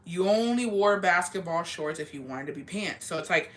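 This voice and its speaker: A woman's voice: lowish voice, animated, moderate pace, hardly any pauses. A young adult woman telling a school story in casual chat, rambling, blunt and full of swearing. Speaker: streamer.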